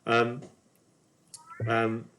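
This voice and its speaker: A man's voice: medium pitch, completely flat delivery, drawn-out words, fairly bright tone. Man running a tabletop game. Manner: loose, hesitant narration with many fillers. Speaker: game master.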